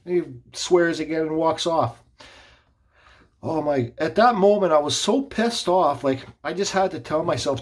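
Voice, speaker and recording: Husky-voiced man telling a rambling story. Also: on the high side, a little slow. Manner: rambling, restarts and asides. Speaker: woodcarver. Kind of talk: casual storytelling vlog.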